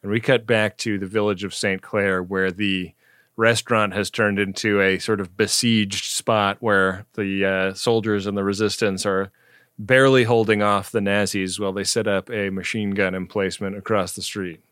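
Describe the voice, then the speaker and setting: A man's voice: lowish voice, flat delivery, moderate pace, a bit bright, clean tone, no echo, studio quality. A man co-hosting a podcast, casually retelling a TV episode in a loose, rambling way with lots of fillers. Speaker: podcast co-host. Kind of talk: casual episode recap chat.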